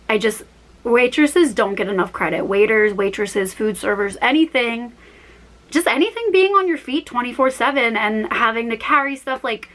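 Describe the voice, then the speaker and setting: A young woman in her early twenties chats through her stories with a slightly high voice. She rambles, goes off on tangents and corrects herself mid-sentence. She acts out her own lines in an animated way as she tells each story. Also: normal speed, low-quality recording. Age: young adult, about 21. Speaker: vlogger. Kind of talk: casual storytime chat.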